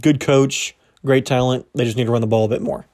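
A young man running through rankings on his own sports podcast in loose, casual talk. He trips over words and corrects himself as he goes, and his voice sounds a little strained. His pitch sits in an ordinary middle range. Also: steady tone, a little fast, darkish tone. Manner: casual, rambling, self-correcting, laughs at himself. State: slightly strained voice. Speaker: podcast host.

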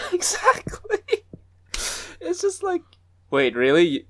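A man in casual chat who talks in a drawn-out way, uses slang and laughs often. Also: extremely high pitch, wildly swooping pitch, fairly bright tone, dry recording, clean studio sound.

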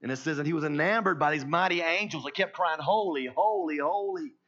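A pastor preaching a sermon in an emphatic way, swinging between hushed and loud. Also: male voice, on the high side, fairly quick, highs cut off.

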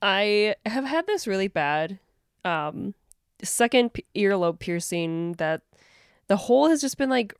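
A podcast co-host tells stories in casual conversation, swearing freely and animatedly. Her medium-pitched voice is a little slow and clean, recorded dry with clean studio sound.

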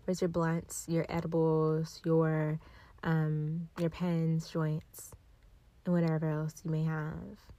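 A woman in her twenties hosting a casual solo podcast, rambling along in a laid-back, giggly way while high, recorded on a built-in device mic instead of her proper one. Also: monotone, slow pace, mellow. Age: 20s. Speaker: podcast host.

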